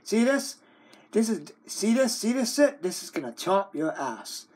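A man scolds his computer in a slow, drawn-out way, looping back over the same words and stumbling through them. His pitch leaps from high, wailing cries of oh and whoa down to low, growled threats. The rant is full of swearing. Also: very animated, a little mellow. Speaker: video maker. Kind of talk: ranting at the computer on camera.

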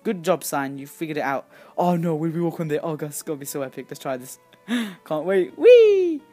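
A woman hosting a gaming video, giving excitable, chatty commentary as she plays and often squealing in excitement. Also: deep voice, fast talker, faint music behind. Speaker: gaming channel host. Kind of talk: casual game commentary.

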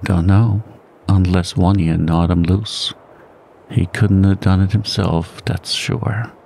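A man's voice: low-pitched, steady tone, slow, gravelly, warm tone, full character voice. A man voicing an easygoing, wry frontier trail partner with a laconic, teasing backwoods drawl in a bedtime story reading.

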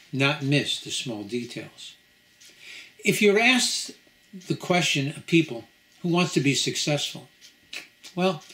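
A man, a rabbi, giving a lecture at a home gathering, telling a parable and then teaching in a measured, storytelling way with pauses. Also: a little high, a bit bright. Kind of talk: sermon-style lecture.

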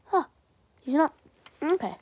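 A woman's voice: high voice, sing-song, measured pace. A young woman giving rambling, chatty gameplay commentary and pleading with viewers to subscribe. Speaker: gaming channel creator.

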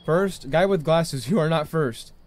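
A young man commentating live gameplay to viewers, reacting loudly and yelling when startled. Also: on the high side, unhurried, slight background noise. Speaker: gaming streamer. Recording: faint music behind voice.

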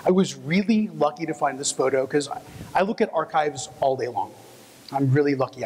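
A man's voice: a little high, breathy edge. Texan man speaking in an echoey hall. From Texas. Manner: friendly, personal storytelling with fillers. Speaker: conference speaker. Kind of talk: conference presentation. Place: conference hall. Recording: echoey hall, long reverb.

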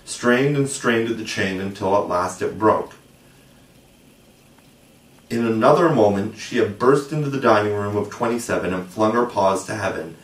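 A man narrating a storybook aloud with expressive, measured delivery, recorded with a roomy, distant mic. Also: on the low side. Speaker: audiobook narrator. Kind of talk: storybook reading.

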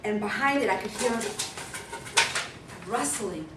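Lively woman telling a funny story. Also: mid-range voice, takes it slowly. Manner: lively, chuckling storyteller who acts out sounds. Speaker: guest speaker. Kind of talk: humorous storytelling speech. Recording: echoey room from far off with noise.

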